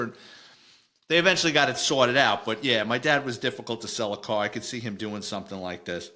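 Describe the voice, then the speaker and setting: Bright-voiced New York man telling stories. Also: medium pitch, fast. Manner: blunt, storytelling, chuckles while reading. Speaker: podcast host, retired cop. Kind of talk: casual chat reading and commenting on news.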